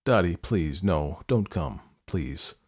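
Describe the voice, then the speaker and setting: A man voicing an older man who quietly begs someone to stay away. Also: expressive, takes it slowly, full character voice. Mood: pleading. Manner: quiet, low and pleading. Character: older man hiding a secret, pleading softly.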